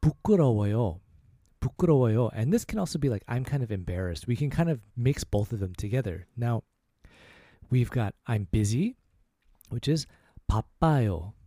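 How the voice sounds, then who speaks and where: A man with a deep, mellow tone hosts a relaxed language lesson. He speaks close to the mic in a dry, dead room and slows right down to repeat each phrase. His pitch rises and falls a lot as he models every word. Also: no room sound. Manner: slow, repeated demonstration of phrases. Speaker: language teacher, podcast host. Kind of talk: casual spoken language lesson.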